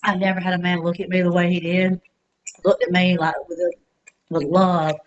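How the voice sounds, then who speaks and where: A heartbroken woman, speaking alone at home in a raw confessional vlog, halting with many fillers and pauses, close to tears. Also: fairly low pitch, flat delivery, lo-fi sound, slight background noise. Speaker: vlogger. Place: her apartment.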